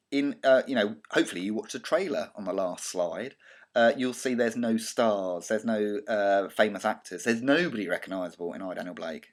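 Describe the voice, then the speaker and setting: Chatty English male media teacher, lowish voice. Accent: southern English. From Britain. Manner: chatty and digressive, many ums and restarts. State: slight cough. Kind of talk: recorded lecture over slides.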